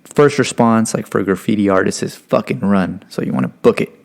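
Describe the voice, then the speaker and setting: A man's voice: lowish voice, a little fast, creaky, a little mellow. A man from Stockton, California, a podcast guest, tells a story in a casual, profane, rambling way with many fillers. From Stockton, California, United States.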